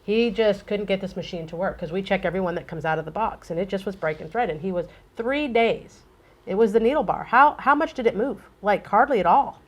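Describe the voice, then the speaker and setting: A middle-aged woman co-hosting a casual chat, telling animated stories and acting out dialogue. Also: mid-range voice, a little fast, highs cut off. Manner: animated storyteller, acts out dialogue. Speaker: co-host.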